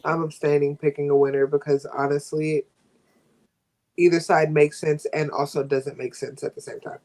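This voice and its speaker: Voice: medium pitch, flat delivery, normal speed, darkish tone. A podcast co-host in casual wrestling chat, sassy with joking asides.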